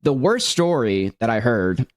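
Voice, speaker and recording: A man's voice: mid-range voice, big pitch swings, measured pace, no echo. A man talks through his side of things in casual, rambling sentences that often restart. His voice moves around a lot, and the sound is dry and close to the mic. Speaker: streamer responding to allegations. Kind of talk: casual explanatory talk.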